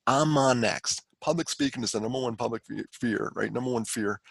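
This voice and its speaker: A man telling a personal story in casual conversation, animated, acting out what others said, with frequent laughs. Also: medium pitch, brisk, vocal fry, breathy edge, no room sound. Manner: animated storyteller who acts out quoted lines and laughs often. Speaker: guest speaker on suicide prevention. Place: on the East Coast of the United States.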